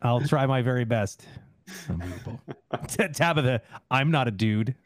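A man's voice: mid-range voice, lively intonation, moderate pace. A man co-hosting a casual chat, chatty and agreeable, laughing easily.

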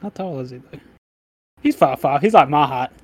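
A man's voice: on the high side, lively intonation, normal speed. A young man co-hosting a podcast, chatting playfully with friends, slangy and leaning on "like" and "dude". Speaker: podcast co-host. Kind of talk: casual chat among friends.

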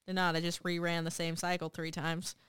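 A woman chatting casually as a guest, telling lively stories and acting out what people said. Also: lowish voice, brisk, clear, resonant tone, no room sound, studio quality. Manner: lively storyteller, acts out quotes. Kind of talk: casual profane chat.

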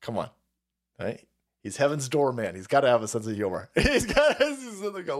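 Lively, foul-mouthed male streamer. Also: fairly high pitch, moderate pace. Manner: foul-mouthed, laughs a lot, mocking impressions. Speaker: livestream host reading chat. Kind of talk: casual ranting chat.

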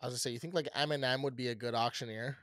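A man's voice: medium pitch, steady tone, racing, fairly bright tone, no echo, clean studio sound. A young man co-hosting a casual podcast chat, rambling and swearing freely with frequent laughs. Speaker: podcast co-host.

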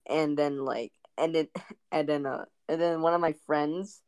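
Brief: deep-voiced woman, loose chatty podcast host, dry close sound. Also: steady tone, a little slow, darkish tone, smooth, no room sound. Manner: rambling, lots of fillers and giggles. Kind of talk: casual chat.

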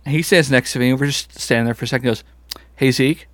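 A man's voice: mid-range voice, very fast, no echo. A young man co-hosting a podcast in casual, laugh-filled chat, swearing easily. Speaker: podcast co-host.

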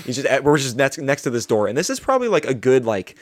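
A young man telling a story in casual chat, animated, swearing freely and often laughing. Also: mid-range voice, fast, no echo, studio quality.

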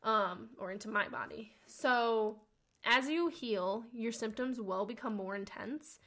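Chatty young woman podcaster, slangy and animated. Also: measured pace. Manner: chatty and animated, slangy, swears, acts out quotes with big pitch jumps. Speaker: podcast host. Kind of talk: casual storytelling monologue.

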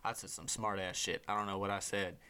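Animated, swearing man telling stories. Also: deep voice, brisk, clean tone. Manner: animated storyteller, swears freely, acts out voices. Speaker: host. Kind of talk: casual chat.

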